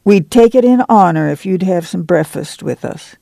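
A man's voice: sits high, animated, moderate pace, gravelly, dark tone, no room sound. A man reading the part of a weary, guarded migrant farm mother in a folksy rural drawl. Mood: warming, humble.

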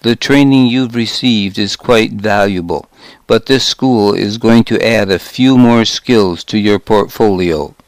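A man's voice: on the low side, measured pace, dry recording. A man voicing a stern male instructor, lecturing trainees in a matter-of-fact way.

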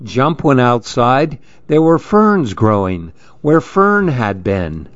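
A man reading children's storybooks aloud in a slow, lilting, expressive way. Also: mid-range voice, no echo. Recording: dull lo-fi dry recording.

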